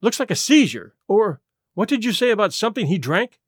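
A man voicing a brisk male doctor who speaks in abrupt exclamations. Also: high-pitched, very animated, slightly rough, dry recording, clean studio sound, full character voice. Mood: startled.

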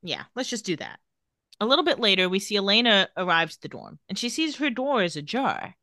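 A woman's voice: mid-range voice, animated, brisk, pushed and bright, no room sound, studio quality. A woman co-hosting a podcast, retelling a TV episode scene by scene in casual chat, laughing often. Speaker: podcast co-host recapping a TV episode.

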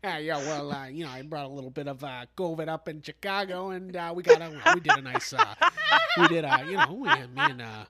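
Guy doing a jovial rambly showman impression, uh uh uh, jumpy pitch. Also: big pitch swings, very noisy. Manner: halting, many "uh"s, jovial.

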